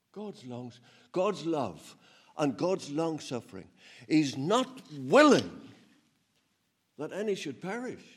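A man preaching a sermon, swinging between loud emphatic peaks and low, quiet asides, with a chuckle now and then. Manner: laughs while telling stories.

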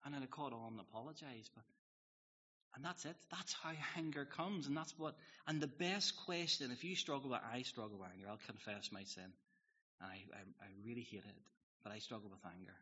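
A man's voice: medium pitch, a little fast, sharp tone, slightly rough, lo-fi sound. A man preaching a sermon as a pastor, earnest and confessional, often putting questions to the congregation.

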